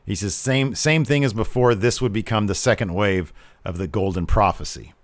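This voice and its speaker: A man's voice: fairly low pitch, moderate pace, no room sound. A man co-hosting a wrestling podcast, chatting casually, laughing easily and drifting into asides. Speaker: podcast co-host. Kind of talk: casual wrestling review chat.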